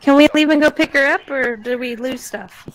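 A woman's voice: high-pitched, normal speed. A woman playing a game with friends, joking and slipping into silly whispered voices. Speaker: game player. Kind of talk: casual gaming chat.

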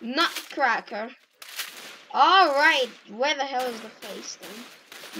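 A woman giving casual, excitable gameplay commentary and shouting at the game. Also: high-pitched, slow, noisy background. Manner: excitable, yelps and shouts at the game, self-mocking. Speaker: gaming YouTuber.

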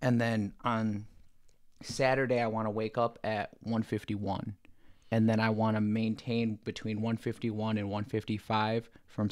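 Smooth-voiced fighter guest, a man. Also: lowish voice, a little mellow, no echo, studio quality. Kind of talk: casual podcast chat.

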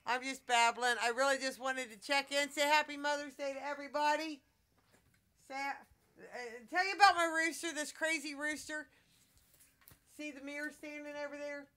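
Middle-aged woman vlogger, chatty and coaxing, crisp voice. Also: high-pitched, sharp tone. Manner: chatty, coaxing, talks to her pets. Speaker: vlogger with pet monkeys. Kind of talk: casual home vlog.

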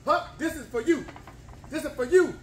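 A man loudly cheering on an eating challenge in a restaurant, whooping and repeating himself. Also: very high-pitched, normal speed, recorded from a distance, slight background noise. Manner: excited, repetitive hollering and whooping. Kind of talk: loud cheering commentary. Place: bar and grill dining room. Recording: echoey restaurant room.

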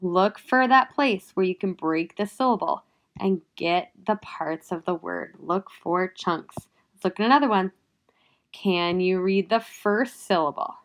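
A woman with a lowish voice teaches young children phonics at a measured pace. Patiently and gently, she prompts them as she sounds out letters and syllables.

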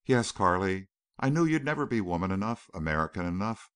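A man playing a gentle, earnest young war veteran in an audiobook. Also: low-pitched, sing-song, brisk, clear, resonant tone, no room sound, clean studio sound.

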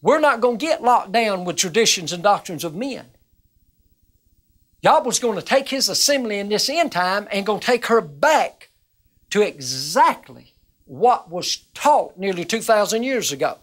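A woman minister teaching the Bible on a television broadcast, earnest and emphatic, repeating words as she gets excited. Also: medium pitch, unhurried.

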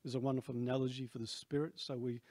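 A man's voice: mid-range voice, flat delivery, very fast, mellow, no room sound. A man in his sixties with an Australian accent, preaching a sermon in a rambling, conversational way with many asides. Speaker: pastor.

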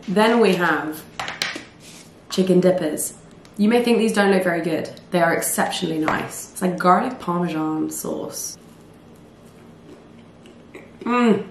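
Brief: chatty vlogger in her twenties, lowish slightly hoarse voice, casual camera-mic sound with faint background noise. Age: 20s. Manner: chatty, rambling, often laughing. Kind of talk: casual vlog chat. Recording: echoey room with faint ambience.

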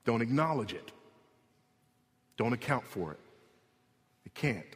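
A man preaching a sermon as pastor, emphatic, repeating his key points and rising in pitch when he presses them. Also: sing-song, unhurried. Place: church sanctuary. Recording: long hall reverb.

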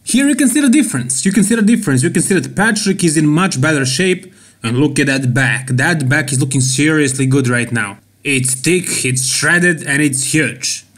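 Emphatic Serbian-accented man, fairly high voice. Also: lively intonation, moderate pace, a bit bright. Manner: emphatic, repeats key words for stress. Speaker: bodybuilding channel host. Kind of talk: opinionated commentary vlog.

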